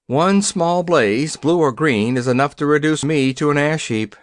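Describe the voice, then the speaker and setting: A gentle straw scarecrow who speaks sorrowfully, as a male narrator puts him on. His voice rises a little higher than the narration and drags out slowly. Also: no echo, clean studio sound, natural voice.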